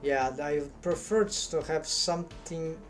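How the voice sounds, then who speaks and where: A man's voice: on the high side, measured pace, faint music behind. A man streaming his 3D modeling work, thinking aloud in hesitant, half-finished remarks.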